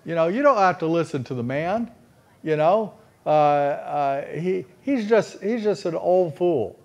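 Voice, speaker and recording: A man's voice: a little high, lively intonation, measured pace, a little mellow. Man doing mocking buddies, scoffing, disbelieving. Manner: mocking, incredulous.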